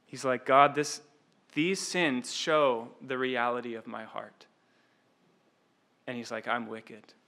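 Earnest man preaching a sermon, bright voice. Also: medium pitch, steady tone, takes it slowly, long pauses. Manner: earnest, repeats words while searching, says "like" and "right?" often. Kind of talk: expository sermon.

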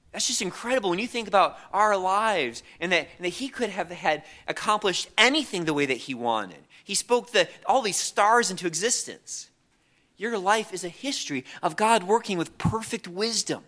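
Male preacher, earnest sermon delivery, bright and fairly high voice, stumbles and repeats words. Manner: earnest, repeats words when restarting, reads scripture aloud.

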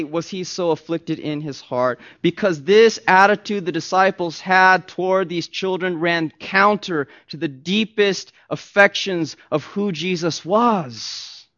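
Man, pastor, sermon, high voice, emphatic, soft to loud, muffled recording. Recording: dull lo-fi recording.

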